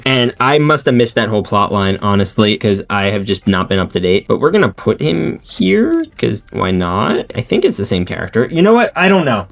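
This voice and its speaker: A man hosting a toy unboxing video, chatting in a casual, excitable, slangy way. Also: mid-range voice, creaky. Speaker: toy unboxing channel host.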